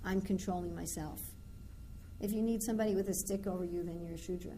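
A woman's voice: fairly low pitch, steady tone, fast, warm tone, a little hiss or hum. A woman giving an informal scripture class, talking conversationally and acting out everyday dialogues. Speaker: spiritual teacher.

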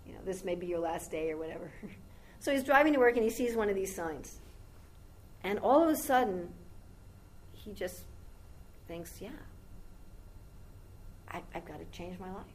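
A woman's voice: lowish voice, expressive, normal speed, pauses often, a little mellow, slight background noise, rough recording. A woman giving a devotional talk as a spiritual teacher, telling a long story in a rambling, conversational way with asides to her listeners.

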